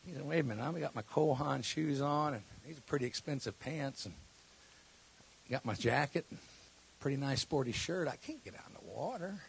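A man preaching a sermon, telling a story and then building to loud, shouted exhortation before a church congregation. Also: mid-range voice, expressive, a little fast, creaky, husky. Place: church hall.

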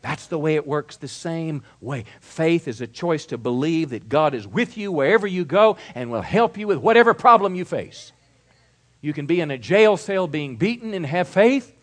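Emphatic preaching man with lively pitch. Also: normal speed. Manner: emphatic preaching, swinging between loud declarations and quiet asides. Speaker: pastor. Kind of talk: sermon.

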